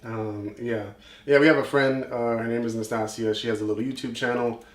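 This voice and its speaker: Casual male podcast co-host, mid-pitched, rambling storyteller, echoey room. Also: a little fast. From New York. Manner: rambling, animated, acts out quotes, swears.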